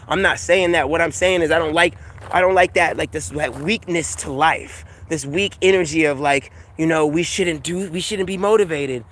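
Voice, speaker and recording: A man ranting casually in a vlog, animated and profane, laughing often and repeating himself. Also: on the high side, normal speed. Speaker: vlogger. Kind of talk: casual rant to camera.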